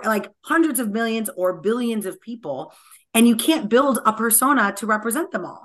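A chatty woman guest speaks in an animated, talkative way, her voice at a middle pitch. She fills her sentences with casual filler words and keeps her delivery lively. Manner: energetic and talkative, many "like" fillers. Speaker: guest technologist. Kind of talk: conversational podcast interview.

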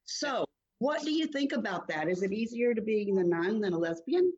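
A woman's voice: medium pitch, sing-song, normal speed, darkish tone, husky, dull audio. A woman co-hosting a radio chat show, asking curious, friendly questions.

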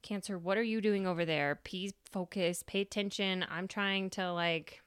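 A woman's voice: medium pitch, steady tone, normal speed, clean tone, no room sound, studio quality, close to an everyday voice. A woman voicing Virgo as a frantic perfectionist demanding order, in a casual storytelling style. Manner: frantic, fussy.

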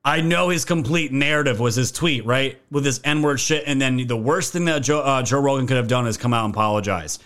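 A man's voice: medium pitch, a little fast, few pauses, a bit bright. A man hosting a political commentary video, ranting in a heated, profane way and calling his viewers fam.

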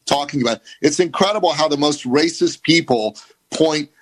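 A man's voice: a little high, normal speed, rough recording. A man from the Middle East, a guest commentator, speaks in heated, emphatic bursts. He often stumbles and restarts mid-sentence.

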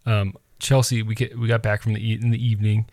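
A man in his thirties co-hosting a casual podcast, telling an animated, rambling story with lots of restarts. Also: lowish voice, quick pace, no echo, studio quality. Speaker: podcast co-host.

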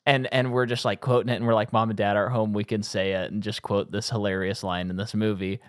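A man co-hosting a casual movie podcast, telling a long funny story and acting out movie lines in sudden high voices. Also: level tone, quick pace, no room sound, studio quality. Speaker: podcast co-host.

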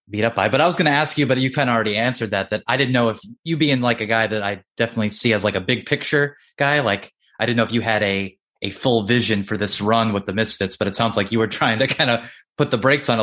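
A man's voice: on the low side, bright, forceful tone. A man hosting a casual interview who laughs along and asks loosely phrased questions. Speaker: interviewer, host.

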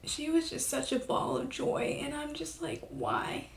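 Young woman, higher voice, emotional and halting, confessional podcast talk, echoey room. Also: fairly even intonation, creaky, a little hiss or hum. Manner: emotional, halting, with many fillers. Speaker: podcast host.

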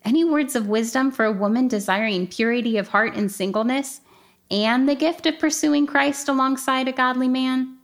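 A woman co-hosting a Christian advice talk, speaking in a gentle, affirming way. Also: sits high, normal speed. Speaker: co-host.

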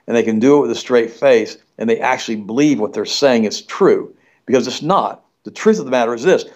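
A man's voice: mid-range voice, darkish tone. A man guest telling a story in an interview, emphatic and indignant, repeating himself as he recounts an argument. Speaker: nutritionist guest. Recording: dull lo-fi audio.

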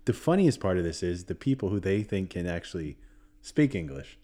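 A man's voice: low voice, very animated, a little fast, warm tone. A man chatting casually as a podcast co-host, talkative and laughing easily. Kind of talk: casual chat.

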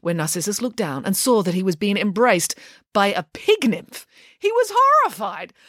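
A woman's voice: medium pitch, lively intonation, normal speed, no room sound, clean studio sound. A woman narrating a storybook in a playful, wry way. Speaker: audiobook narrator.

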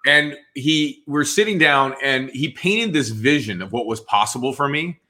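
Speaking at normal speed in a medium pitch, this New Jersey man in his forties tells his story as an interview guest. It's casual, animated storytelling where he performs quoted dialogue and says "dude" and "man."

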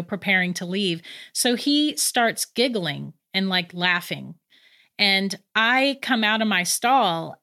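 A woman, probably in her thirties and a mother of three, chattily telling a true ghost story with quick laughs. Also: medium pitch. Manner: chatty, animated, laughs between lines. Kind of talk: casual spoken ghost story.

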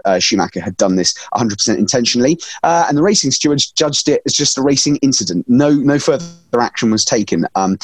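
A man telling motorsport stories on a podcast panel in a lively, rambling way with many restarts. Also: lowish voice, breathy edge, no room sound. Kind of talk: casual chat, storytelling.

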